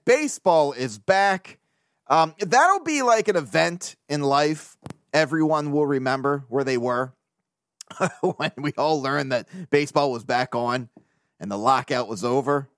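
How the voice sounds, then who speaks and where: A man hosting a sports podcast alone, talking casually in an excitable, rambling way with plenty of swearing. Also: fairly high pitch, no echo, studio quality. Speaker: baseball podcast host. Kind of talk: casual solo monologue.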